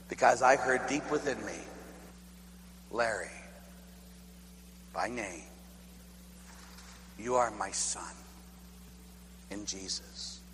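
A Catholic priest from Pittsburgh in the United States, preaching a sermon in a chatty, animated storytelling way with laughing asides. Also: male voice, mid-range voice. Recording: echoey hall, faint hum.

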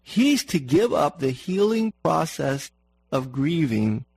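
A man's voice: on the high side, very animated, slow, vocal fry, darkish tone, breathy edge, no room sound, low-quality recording. A man preaching a sermon in an earnest manner, repeating words for emphasis and asking the congregation questions.

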